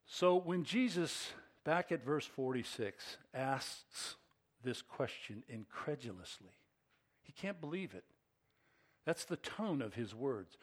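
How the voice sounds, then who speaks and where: A middle-aged man preaching a sermon as pastor, swinging between hushed asides and emphatic, excited peaks. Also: mid-range voice, takes it slowly.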